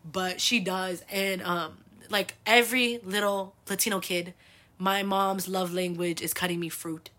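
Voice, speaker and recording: Bright-voiced young woman telling stories. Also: medium pitch, fairly even intonation, measured pace. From United States. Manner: chatty, swears freely, lots of fillers. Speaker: host. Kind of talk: casual storytelling monologue.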